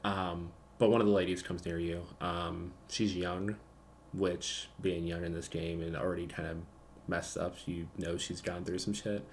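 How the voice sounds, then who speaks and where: Low, gravelly male game master, casual and chatty. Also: level tone, measured pace, a little hiss or hum. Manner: casual, lots of ums and likes. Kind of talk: narrating a tabletop game.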